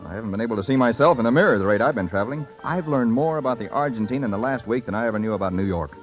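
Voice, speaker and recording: A man's voice: mid-range voice, expressive, racing, close to an everyday voice. An actor playing an eager, boyish young man in a vintage radio drama, breezy and slangy. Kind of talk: 1940s radio acting. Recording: muffled old radio recording with music.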